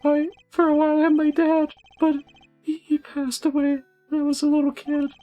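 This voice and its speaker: A man doing a high, stammering timid young prisoner. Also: monotone, muffled recording, soft background music. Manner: stammering, halting.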